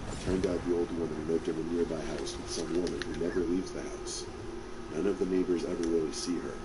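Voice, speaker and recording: Very deep man narrating a scary story. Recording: steady background noise.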